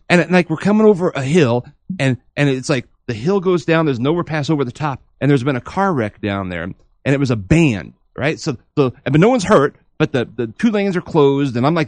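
A man co-hosting a podcast, telling a long dream story in a rambling, animated way with many restarts. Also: medium pitch, brisk, no echo. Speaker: podcast co-host.

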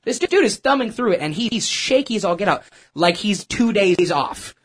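A man telling a personal story in a casual, animated, self-mocking way, with lots of restarts. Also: high-pitched, moderate pace, husky. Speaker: churchgoer sharing a testimony.

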